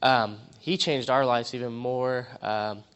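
Nervous man with a smooth voice. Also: medium pitch, steady tone, a bit bright. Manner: halting, with many fillers and restarts. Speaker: church member giving a testimony. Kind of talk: personal testimony in church.

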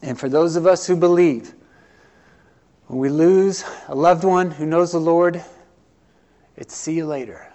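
A man preaches from the pulpit. His voice sits a little high for a man. He swells on key words and drops to near-quiet for tender moments. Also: unhurried, long pauses. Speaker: pastor. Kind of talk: sermon.

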